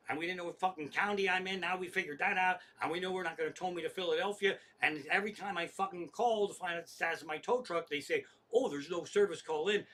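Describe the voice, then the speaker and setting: Fast-ranting, bright-voiced foul-mouthed man. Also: high voice. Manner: exasperated, swears constantly, acts out phone calls. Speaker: stand-up comedian. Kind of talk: profane storytelling rant.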